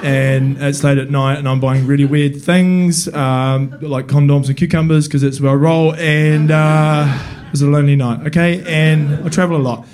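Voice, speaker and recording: A man's voice: fairly high pitch, steady tone, moderate pace, few pauses, a little mellow. A man telling a stand-up comedy story in a rambling, wry, self-deprecating way.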